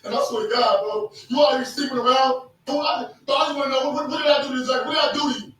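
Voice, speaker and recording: An agitated man argues fast and keeps repeating his accusations, often shouting. His voice is high and bright. It was picked up from a distance by a phone in a very echoey room. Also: fairly even intonation. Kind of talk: heated argument filmed on a phone.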